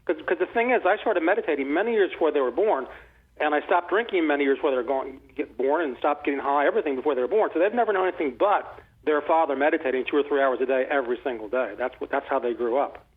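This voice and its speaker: An older man in his sixties talks quickly and eagerly, his fairly high voice coming through a thin, phone-like line. He rambles through his stories with many restarts and self-corrections. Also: breathy edge. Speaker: author and interview guest. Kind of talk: casual conversational storytelling.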